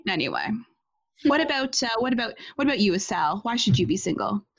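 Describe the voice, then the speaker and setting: A young woman speaks at a medium pitch, with a breathy, slightly husky edge. She talks in a casual, giggly way, acting out both sides of her story. The audio sounds a little dull and lo-fi. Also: very animated, fast. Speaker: podcast co-host. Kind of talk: casual chat.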